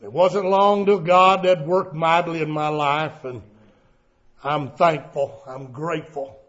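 High-voiced preacher, slow and dramatic. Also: male voice, fairly even intonation, lo-fi sound. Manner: dramatic, swings from shouts to hushed tones. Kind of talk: sermon.

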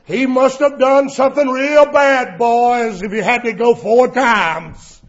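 Rowdy, taunting coworkers hoot and jeer in high, shouted voices, as a preacher acts them out. The recording is slightly muffled and lo-fi. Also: male voice, slow. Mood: mocking shouts. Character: jeering male factory coworkers, mocking and rowdy.

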